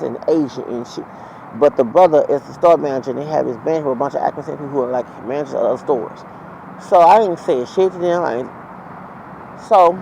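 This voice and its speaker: A man's voice: fairly high pitch, creaky, mellow, low-quality recording. A man telling a heated, profane, rambling story as a vlogger, outdoors near traffic. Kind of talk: ranting storytime monologue.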